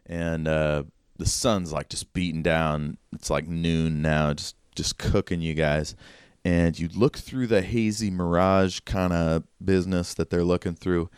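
Low-voiced, smooth male game master. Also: steady tone, a little slow, a little mellow, no room sound, clean studio sound. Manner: loose, chatty, full of "like" and laughs. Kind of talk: narrating a tabletop game.

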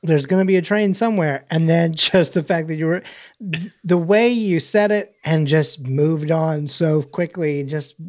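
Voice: mid-range voice, a little slow, darkish tone. A podcast co-host in casual chat who rambles through thoughts with many fillers and laughs.

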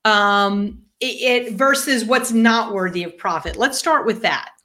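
A woman's voice: fairly high pitch, measured pace, sharp tone. A woman co-hosting a business podcast, playful and bubbly, with teasing asides while she introduces her guest. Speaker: podcast co-host. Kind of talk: casual show hosting.

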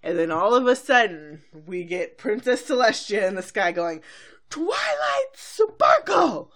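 A woman's voice: fairly low pitch, moderate pace. A woman co-hosting a casual podcast, retelling a cartoon episode and acting out the characters' lines. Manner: animated, acts out characters' lines while retelling. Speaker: podcast co-host. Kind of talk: casual recap chat.

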